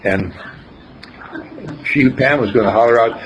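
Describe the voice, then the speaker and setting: A man's voice: mid-range voice, lively intonation, normal speed, gravelly, crowd noise. A man giving an informal spiritual teaching, telling rambling, folksy stories with chuckles between points. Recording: dull lo-fi recording with faint background noise.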